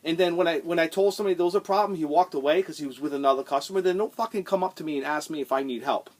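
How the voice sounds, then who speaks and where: A man's voice: on the high side, racing. A middle-aged man hosting his own vlog, telling a story in a heated, rambling rant, swearing often and repeating himself as he gets worked up. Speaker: channel host.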